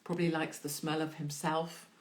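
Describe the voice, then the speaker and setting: On her live-streamed online show, a woman fields viewer questions with a casual, irreverent chattiness and plenty of swearing. Her delivery is generally flat at a normal speed, yet her pitch leaps noticeably whenever she reads a question out.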